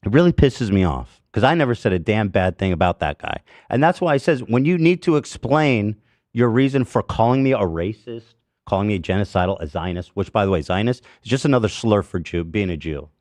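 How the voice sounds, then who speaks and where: A man's voice: fairly low pitch, animated, brisk, darkish tone, no echo. A man hosting a podcast who rants angrily and curses a lot, with heavy emphasis. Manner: angry, profane, emphatic. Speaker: podcast host. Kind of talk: heated podcast rant.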